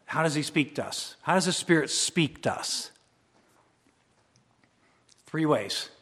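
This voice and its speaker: A man preaching a sermon as pastor, swinging between loud emphatic declarations and quiet, intimate asides. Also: a little high, animated, slow. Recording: long hall reverb.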